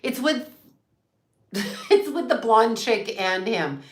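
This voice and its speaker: A woman with a fairly high voice and lively intonation speaks slowly in a reverberant space. She's a psychic medium ranting defiantly and profanely on her livestream channel, repeating herself for emphasis.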